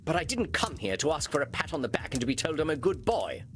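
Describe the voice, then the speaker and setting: Game role: a grand, melodramatic centuries-old vampire scientist, lively swooping delivery, faint music behind. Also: male voice, fairly high pitch, fast, breathy edge, full character voice. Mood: weary. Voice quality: theatrical, haughty. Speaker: patient in a video game. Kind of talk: video game voice acting.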